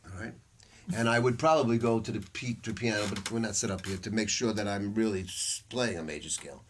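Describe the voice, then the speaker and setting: This older man's voice is fairly low and his delivery brisk as he teaches a saxophone masterclass to a live audience gathered in a music store hall. The talk is an informal, profane run of anecdotes, animated, with him voicing the characters and laughing often. Light background noise and clicks can be heard.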